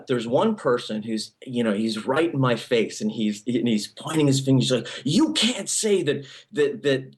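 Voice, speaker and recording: A male pastor giving a sermon in a conversational style, with many restarts and frequent "okay?" check-ins to the congregation. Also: mid-range voice.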